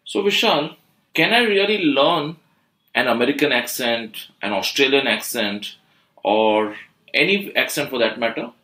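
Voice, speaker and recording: Man hosting a learning podcast, bright lively delivery, roomy echo. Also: mid-range voice, unhurried. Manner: upbeat, questioning interviewer. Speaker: podcast host and institute founder.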